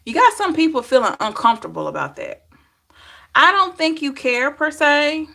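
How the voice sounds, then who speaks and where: A woman's voice: high voice, very animated, normal speed, vocal fry, pushed and bright. Middle-aged woman, light Southern drawl, tarot streamer, loose and chatty. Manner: chatty, laughing, talking to live chat. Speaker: tarot reader. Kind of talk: live-stream tarot reading.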